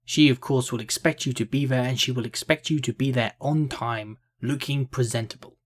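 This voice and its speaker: A man voicing a stern, stoic army captain with a deep voice in a fantasy storybook reading. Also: fairly even intonation, moderate pace, natural voice.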